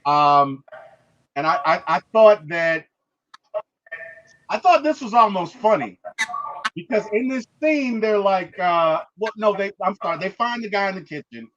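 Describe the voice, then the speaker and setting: A man hosting a movie review, retelling the plot in an animated, emphatic way and checking in with "okay?" and "right?". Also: high voice, unhurried, long pauses, dull audio.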